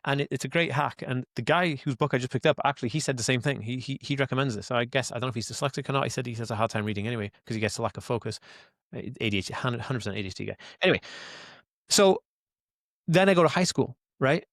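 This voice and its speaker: A Welsh man in his forties, an autism advocate appearing as an interview guest, tells his life story in casual conversation, racing along in a medium-pitched, fairly bright voice. He rambles earnestly and emphatically, repeating words, saying "like" and "right?" constantly and calling listeners "guys." The studio recording is clean with no room sound.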